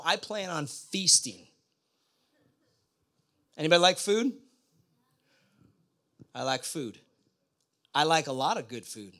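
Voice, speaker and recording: A man's voice: fairly high pitch, pushed and bright. A middle-aged man preaching a sermon in a conversational way, often putting questions to the congregation. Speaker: pastor.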